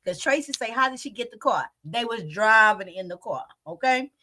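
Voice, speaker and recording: High bright-voiced woman reacting chattily. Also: normal speed, no room sound. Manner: animated, chatty, reads out viewer comments. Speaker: host reacting to a storytime video. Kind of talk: casual reaction chat.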